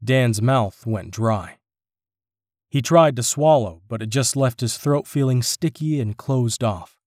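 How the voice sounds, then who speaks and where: A man narrating an audiobook in a steady, expressive reading. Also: medium pitch, measured pace, no room sound, clean studio sound.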